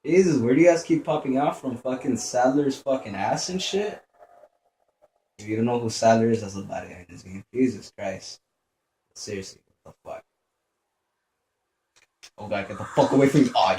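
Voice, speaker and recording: A young man talks through his gameplay, swearing freely and muttering to himself as he plays. His voice is mellow and dark, recorded in an echoey room with a faint hiss behind it. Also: medium pitch, animated, moderate pace, long pauses. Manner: profane, jumpy, mutters to himself. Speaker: gameplay commentator. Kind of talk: gameplay commentary.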